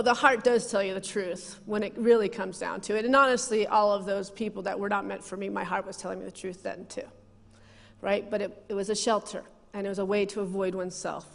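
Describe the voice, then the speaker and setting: A woman's voice: medium pitch, creaky. A woman minister giving a sermon, telling personal stories with frequent laughter and conversational asides. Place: church sanctuary. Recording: long reverb of a church hall.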